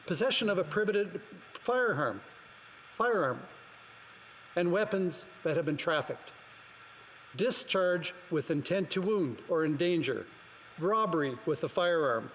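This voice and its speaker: A man's voice: on the high side, animated, normal speed. A man giving a formal parliamentary speech, firm and pointed, with rhetorical questions. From Canada. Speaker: member of parliament. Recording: long reverb from a large chamber, faint background noise.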